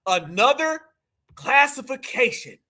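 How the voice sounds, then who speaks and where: A man from the United States hosting a live commentary show, ranting in a loud, mocking way and often shouting. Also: very high voice, sing-song, measured pace.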